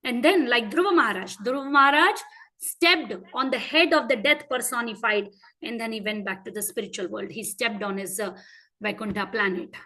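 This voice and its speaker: A woman with an Indian English accent teaching a class of children, asking them frequent questions and telling stories in an animated way. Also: a little high, normal speed, rough recording. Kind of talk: interactive lesson for children.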